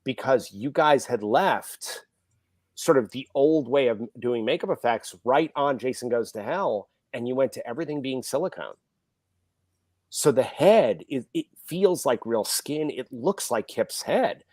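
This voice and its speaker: Man, middle-aged, film director guest, animated storytelling, dry sound. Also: mid-range voice, measured pace, no room sound. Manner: animated, acts out quoted people. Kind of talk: casual storytelling.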